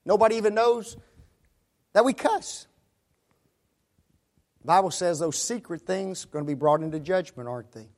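A man with a notably high-pitched voice preaches a sermon to his congregation. He keeps turning to his listeners as folks and caps his points with rhetorical questions. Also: animated, moderate pace, long pauses, darkish tone.

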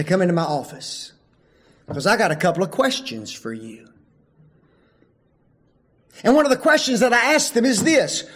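A man with a high-pitched voice preaches a sermon, emphatic and full of rhetorical questions, swinging between loud calls and hushed asides.

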